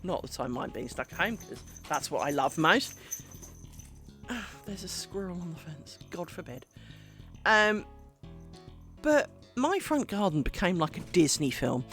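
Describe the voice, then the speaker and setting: A woman chatting on a live craft stream, her low voice swooping up and down as she rambles through a story with plenty of fillers. She sounds casual and unscripted, with soft music playing quietly behind her. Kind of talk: casual chat while making lace.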